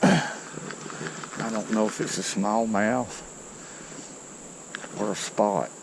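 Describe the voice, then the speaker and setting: A man, giving excited, folksy commentary to viewers while he fishes a creek outdoors. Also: lowish voice, extremely slow, gravelly, noisy background. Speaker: fishing vlogger.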